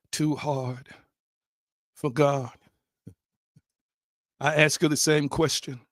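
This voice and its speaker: A man preaching a sermon in a dramatic way, repeating his questions and swinging from loud outbursts to hushed, low lines. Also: no room sound, studio quality. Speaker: spiritual speaker.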